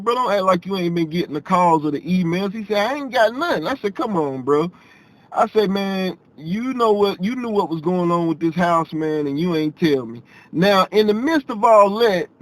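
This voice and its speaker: Man, high voice, casual storytelling, animated, repeats himself. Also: low-quality recording. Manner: animated, repeats himself, quotes others in dialogue. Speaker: vlogger telling a personal story.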